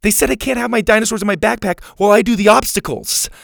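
A man's voice: sits high, quick pace, vocal fry, fairly bright tone, no echo, studio quality, voice pushed up, heavily acted. A man voicing an upset, frustrated young girl at camp, whiny and exasperated.

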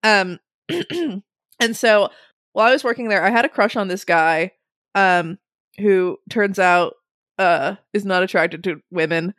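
A young woman telling a funny story in a casual way, animated, laughing often and swearing freely. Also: mid-range voice, unhurried, no room sound, studio quality.

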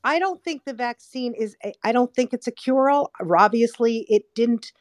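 A woman on a debate panel who makes measured points and insists on finishing them. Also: on the high side, no room sound, clean studio sound. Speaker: panel guest.

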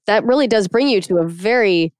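A woman's voice: medium pitch, expressive, fairly quick, no echo, clean studio sound. A woman interviewer asking a meditation teacher for a beginner exercise and responding appreciatively.

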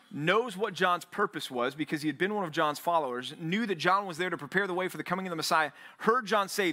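A man preaching to a men's Bible study with an energetic, animated delivery. His voice sits high and bright. He acts out the quotes he reads and builds to near shouts when he urges his listeners. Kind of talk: sermon.

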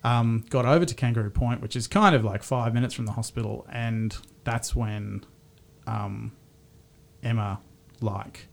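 A man's voice: mid-range voice, a little slow, creaky. A man in his thirties with an Australian accent, telling a personal story in casual podcast conversation, candid and swearing freely.

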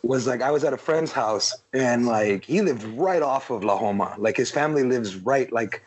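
A man's voice: medium pitch, normal speed, rough recording. A man in a casual podcast chat, rambling with lots of fillers and freely swearing. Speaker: podcast panelist.

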